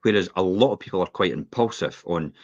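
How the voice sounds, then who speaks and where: Animated, opinionated Scottish man, husky voice. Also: deep voice, quick pace, no room sound. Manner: opinionated, animated, laughs while ranting. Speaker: podcast host. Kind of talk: casual podcast chat. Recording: dull lo-fi podcast audio.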